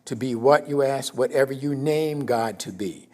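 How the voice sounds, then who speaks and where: A man giving a conversational sermon in a church, often checking in with his congregation and rising in pitch for emphasis. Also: moderate pace. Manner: conversational, keeps checking in with "okay?"; animated, rises in pitch and volume for emphasis. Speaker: minister.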